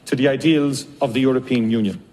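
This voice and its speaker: A man's voice: medium pitch, animated, normal speed, a little mellow. An Irish man giving a formal political speech, declamatory and emphatic, in a played archive clip.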